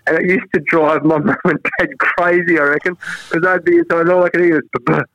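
A middle-aged Australian man in a relaxed interview, telling stories and acting out what others said. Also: fairly quick, no room sound. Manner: animated, acts out quoted voices with big pitch jumps. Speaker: national cricket head coach, guest. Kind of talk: casual storytelling interview. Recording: dry, dull lo-fi sound.

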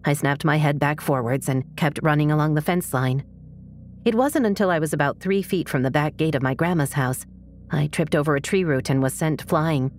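A woman narrating a first-person true story in a measured, tense storytelling manner. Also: sits low, a little mellow.

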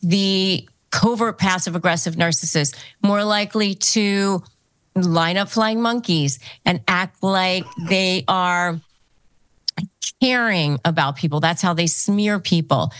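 A woman's voice: fairly low pitch, slow pace, fairly bright tone, smooth, no room sound. A woman hosting a podcast interview who gives advice in an explanatory way and repeats key phrases for emphasis. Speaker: podcast host.

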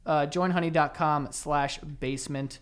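A young man co-hosting a podcast, talking in a loose, rambling way. His voice sits a little high. He laughs easily and keeps the chat casual. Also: steady tone, a little slow, clear, resonant tone. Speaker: podcast co-host.

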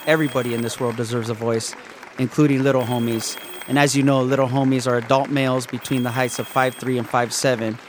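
A man's voice: medium pitch, background noise. A man hosting a mock telethon, earnest and peppered with "uh.". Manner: earnest, with frequent "uh". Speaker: host.

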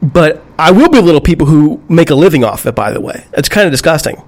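A man co-hosting a sports podcast, talking in a thoughtful, slightly halting way. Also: fairly high pitch, animated. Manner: thoughtful, a bit halting, restarts. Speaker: podcast co-host. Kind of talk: casual sports chat.

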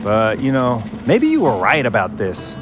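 A man's voice: medium pitch, wildly swooping pitch, normal speed. An actor playing a teasing former band member who laughs at his friend, in an audio drama. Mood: bantering. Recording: music bed underneath.

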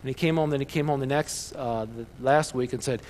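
A man preaching a sermon as a pastor, telling stories with bursts of loud excitement. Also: medium pitch, brisk, in a large hall, a little hiss or hum.

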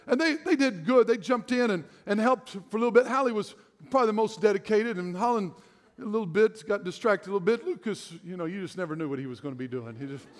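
A middle-aged man preaching a sermon as pastor, telling stories in a self-deprecating way and laughing often. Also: extremely high pitch. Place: large church hall. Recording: long hall reverb.

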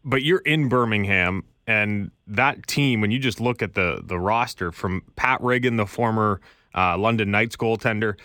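Bright, low-voiced male podcast host. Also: no echo, studio quality. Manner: measured, lists names with pauses. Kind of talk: interview questions.

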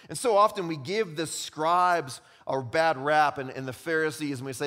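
A young adult male pastor preaching a sermon, animated, acting out quoted voices and dropping to quiet emphasis. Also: on the high side, moderate pace. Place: church sanctuary. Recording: long hall reverb.

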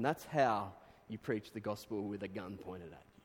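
A man preaching a sermon, reading quotes aloud and breaking into animated exclamations. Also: lowish voice, normal speed. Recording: long reverb of a hall.

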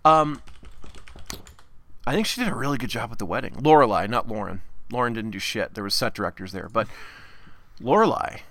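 A man's voice: medium pitch, expressive, a little fast, long pauses, fairly bright tone, dry recording. A man co-hosting a podcast, chatting casually and rambling with frequent restarts. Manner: rambling, self-interrupting, laughs often. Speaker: podcast co-host. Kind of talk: casual chat.

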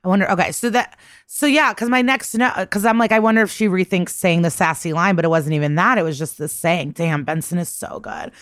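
A woman's voice: on the low side, brisk, no room sound, clean studio sound. Chatty woman recapping an episode. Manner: chatty, profane, acts out quoted lines. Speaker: podcast co-host.

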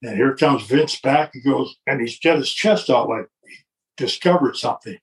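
A man's voice: mid-range voice, normal speed, far from the mic. An older man telling a long anecdote in casual chat, acting out the quotes with chuckles along the way. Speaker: guest telling a wrestling story. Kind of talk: casual storytelling.

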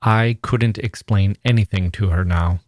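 A man reading the part of a curt, weary brother-in-law, speaking short and flat. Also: on the low side, unhurried, dry recording, studio quality, close to an everyday voice.

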